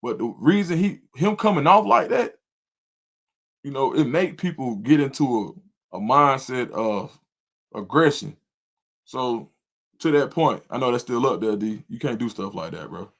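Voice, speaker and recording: Middle-aged man, animated livestream storyteller and host. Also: unhurried, creaky. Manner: animated storyteller, jumps to high loud voice when quoting himself. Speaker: volunteer youth football coach and show host.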